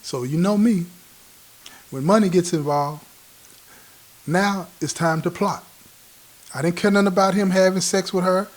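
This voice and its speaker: High-voiced man spinning a street story. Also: measured pace, pauses often. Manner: street slang, acts out quoted dialogue; animated, laughs at his own story. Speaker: host telling his own prison stories. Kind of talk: casual spoken storytelling.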